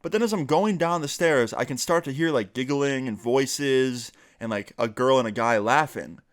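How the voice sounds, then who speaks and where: A man's voice: medium pitch, moderate pace. Chatty young man telling a story. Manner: chatty, filler-heavy, acts out quoted friends. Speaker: vlogger. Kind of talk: casual storytime.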